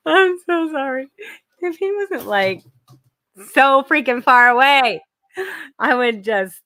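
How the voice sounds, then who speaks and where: A giggly woman host from South Carolina, chatting in a playful, teasing way. Her voice is bright and fairly high, and it bounces up and down a lot. The sound is dry and close. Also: no echo. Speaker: radio show host. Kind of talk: casual chat.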